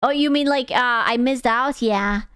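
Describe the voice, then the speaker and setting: A woman's voice: a little high, moderate pace, fairly bright tone, smooth, dry recording, clean studio sound. Chatty, crude young woman streamer. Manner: chatty, crude, jokey, with stumbling restarts. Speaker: VTuber streamer reacting to a video. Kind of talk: casual reaction commentary.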